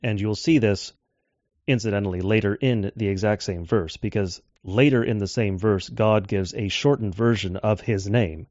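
A man giving a measured lecture on scripture translation, slowing down to quote texts. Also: on the low side, a little mellow, dry recording. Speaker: Bible teacher. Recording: dull dry lo-fi audio.

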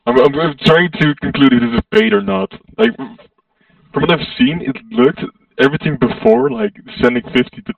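Gravelly, crude-talking man on voice chat. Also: fairly high pitch, very animated, normal speed, dry recording, distant mic, muffled recording. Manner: blunt, crude, slangy. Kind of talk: casual voice-chat banter.

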